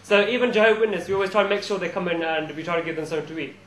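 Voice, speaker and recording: A young man giving a relaxed, informal talk to a student audience, telling personal stories and chuckling as he goes. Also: sits high, very fast, slight background noise. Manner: chatty storytelling, with frequent restarts and chuckles. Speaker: invited speaker at a student society talk. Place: university lecture room. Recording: echoey room, live talk recording.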